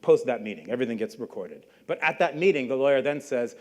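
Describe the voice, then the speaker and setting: A man's voice: mid-range voice, lively intonation, fast, hardly any pauses, a little mellow. A middle-aged man giving a public lecture, telling a story in a conversational way and briefly acting out the people he quotes. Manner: conversational, acts out quoted voices. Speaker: guest lecturer.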